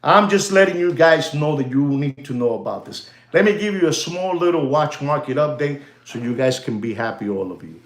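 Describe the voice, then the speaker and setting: A man hosts a casual livestream, talking in an animated, rambling flow and calling his viewers ladies and gentlemen. He drops Spanish phrases into his talk, and his voice sits a bit on the high side. The sound is roomy and echoey. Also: normal speed, few pauses. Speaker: watch dealer hosting a livestream.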